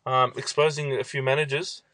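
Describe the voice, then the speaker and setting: A man with an Australian accent co-hosting a casual sports podcast, chiming in with quick, jokey remarks. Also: medium pitch, little pitch movement, sharp tone, no echo. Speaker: podcast co-host.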